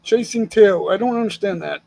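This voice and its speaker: Live-streaming from home, an older American man chats casually, speaking bluntly, sharing opinions, and chuckling often. His voice sits high, creaky and darkish at a moderate pace, on a low-quality recording.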